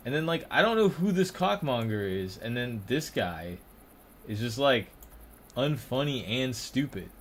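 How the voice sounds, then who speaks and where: A man's voice: medium pitch, very animated, measured pace, a bit bright. A young man casually commenting on a stream, rambling, swearing and often breaking into laughter. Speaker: streamer ranking comedians.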